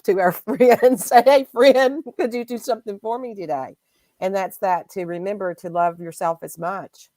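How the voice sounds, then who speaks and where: A woman hosting a casual spiritual chat, speaking in a gentle, reflective and heartfelt way. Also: fairly low pitch, no echo. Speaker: host.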